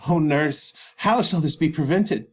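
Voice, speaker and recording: A man's voice: fairly high pitch, measured pace, slight background noise, pitched above the performer's own voice, natural voice. A man reading aloud as a grieving young woman begging her mother for mercy. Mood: pleading. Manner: pleading, anguished. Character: desperate grieving young woman, teenage daughter. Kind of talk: dramatic reading of a play.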